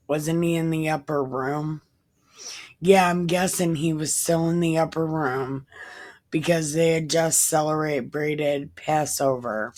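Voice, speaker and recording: Slow, irreverent woman reading scripture. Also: low-pitched. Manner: irreverent, profane, wisecracking asides. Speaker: host reading the Bible aloud. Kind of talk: casual scripture reading with commentary.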